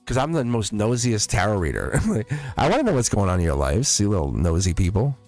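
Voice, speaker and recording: A man's voice: on the low side, big pitch swings, a little fast, a little mellow, faint music behind. A middle-aged man reading tarot on a live stream, chatty and playful, laughing often and talking straight to his viewers. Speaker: tarot reader.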